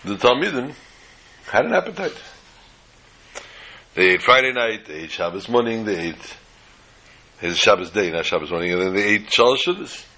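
A man telling a folk story in an animated way, slipping in Yiddish phrases. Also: lowish voice, a little fast, poor audio.

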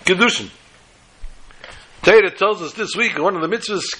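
A man teaching a Torah class, telling a story with acted-out quotes and Hebrew terms in a husky voice. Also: sits high, animated, takes it slowly, long pauses, sharp tone.

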